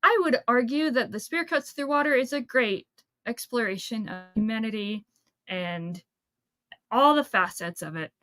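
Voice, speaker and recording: A woman's voice: a little high, animated, moderate pace, a bit bright. A woman hosting a casual book chat over a video call, rambling and chatty with lots of fillers. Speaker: book channel host.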